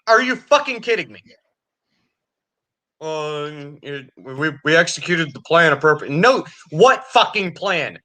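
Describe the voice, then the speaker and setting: A podcast co-host rants about politics, angry and sarcastic, swearing constantly. His voice is high-pitched with a sharp tone.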